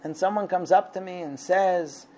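A man in his thirties telling a religious story in a casual, lively way, acting out the voices of the people in it. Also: high voice, moderate pace. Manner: lively, acts out quoted voices. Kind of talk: storytelling talk.

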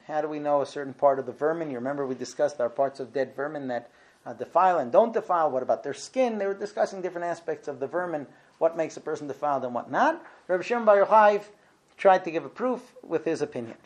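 A man with a fairly high-pitched voice teaches a class, retelling a Talmud story haltingly with many ums and self-corrections. He grows lively whenever he quotes the figures in it.

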